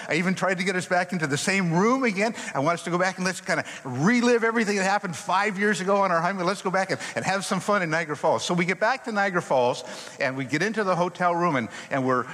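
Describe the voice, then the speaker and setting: Animated man telling a story, echoey hall. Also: high voice. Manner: animated storyteller, acts out scenes and quotes. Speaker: chapel speaker. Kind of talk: storytelling chapel talk. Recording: echoey hall, long reverb.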